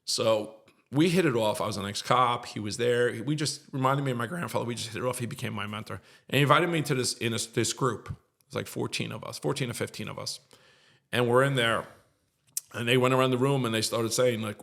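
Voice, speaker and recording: A man's voice: medium pitch, a little fast, creaky, fairly bright tone. A middle-aged man, a podcast guest, tells an emotional story in an earnest, repetitive way and gets choked up at times.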